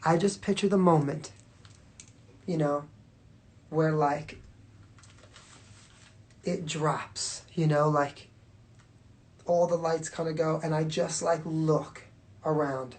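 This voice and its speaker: A woman's voice: sits low, steady tone, slow pace, long pauses, a little mellow. A woman talking casually to viewers on a phone livestream, rambling and swearing freely with constant fillers. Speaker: livestream host.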